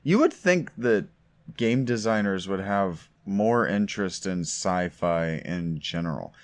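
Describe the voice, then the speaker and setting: A man's voice: deep voice, animated, measured pace. A man giving sarcastic, mocking commentary while playing a video game. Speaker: let's play commentator.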